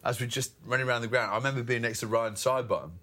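An English man co-hosting a cricket chat, telling lively stories and mimicking crowd voices. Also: medium pitch, rapid-fire. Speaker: cricket podcast co-host, former England player. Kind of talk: casual chat.

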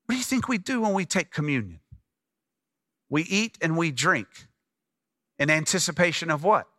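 A man preaches a sermon with a bright, forceful voice pitched a little high. He talks in an animated way and keeps putting questions to his congregation. His delivery swings from quick and eager to slow and weighty. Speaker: pastor.

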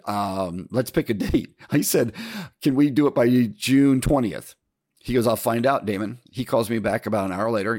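Lively storytelling man, lowish voice. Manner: lively, animated, addresses listeners as folks, laughs often. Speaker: podcast host telling a business story. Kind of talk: casual storytelling monologue.

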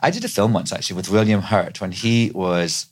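A man's voice: low voice, fairly quick, husky. A middle-aged man from Scotland, a guest actor telling stories in a chatty, rambling way with many restarts. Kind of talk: casual chat.

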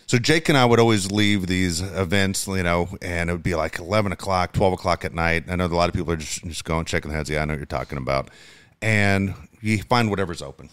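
Lower-pitched middle-aged man, casual. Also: quick pace, few pauses, clean tone, no echo. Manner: animated, profane storytelling. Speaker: podcast co-host, father. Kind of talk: casual chat.

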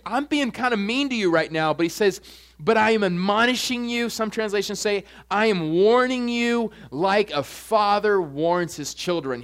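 A young man preaching a sermon as pastor, animated, jumping his voice up high when acting out quoted asides.

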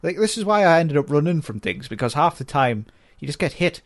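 A man's voice: a little high, big pitch swings, a little fast, a little hiss or hum. A man with a wry, exasperated way of talking in casual game chat. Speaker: podcast co-host.

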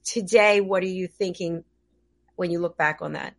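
A woman's voice: on the low side, normal speed, gravelly. Woman host asking long, heartfelt questions. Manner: effusive and searching, long winding questions. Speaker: interviewer. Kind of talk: interview questions.

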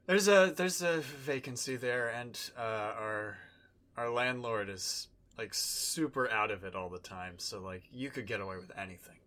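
A young man at a tabletop game speaks with a bright, forward voice at a mid pitch. He is easygoing and laughs a lot, tripping over and restarting his sentences. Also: moderate pace. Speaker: player. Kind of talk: casual tabletop game play.

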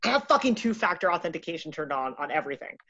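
A woman telling a casual anecdote in a profane, animated, self-mocking way. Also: lowish voice, very fast, no room sound, muffled recording. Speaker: storyteller.

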